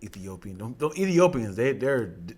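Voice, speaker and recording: Laid back guy cohosting a podcast, mid pitch, lots of quick yeahs and laughs. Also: big pitch swings, a little mellow, husky. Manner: easygoing, quick agreeing, laughs often. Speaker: podcast co-host. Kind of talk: casual chat.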